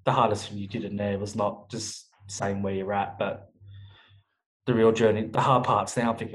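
A man's voice: fairly low pitch, flat delivery, a little fast, poor audio. A young man talking frankly as an interview guest, swearing often and restarting his sentences. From Australia. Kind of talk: candid interview talk.

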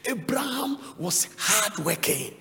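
Impassioned high-voiced pastor. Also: male voice, very animated, slow, creaky. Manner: impassioned, swinging from loud cries to low asides. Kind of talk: sermon. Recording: long reverb of a large hall.

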